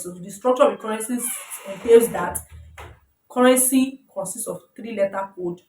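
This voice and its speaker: A woman talks through a beginner's lesson, stopping to check that listeners follow and fixing her own words as she goes. Her voice sits at an everyday middle pitch. It sounds roomy and a little distant from the microphone. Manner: repeats "you understand?", corrects herself often. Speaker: forex trading teacher. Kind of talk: informal tutorial explaining slides. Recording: roomy sound, voice away from the mic.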